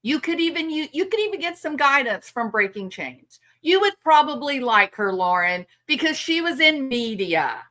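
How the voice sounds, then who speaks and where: Very animated and high-pitched with a sharp tone, a woman runs a commentary stream at a moderate pace, hardly pausing at all. She's outraged and sarcastic in this indignant monologue, confronting the person she criticizes head-on.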